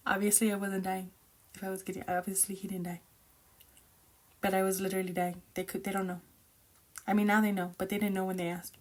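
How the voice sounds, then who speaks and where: A woman rambles through her thoughts on a novel in a casual, chatty way. She is excitable and opinionated, her voice sitting at an ordinary middle pitch. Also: a little fast, long pauses. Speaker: book reviewer reacting while reading. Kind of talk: casual book reaction chat.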